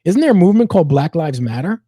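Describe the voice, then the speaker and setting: A man's voice: on the high side, big pitch swings, fast, warm tone, husky, dry recording. A man co-hosting a talk show, giving short agreeing replies and reading viewer comments aloud. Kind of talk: casual chat.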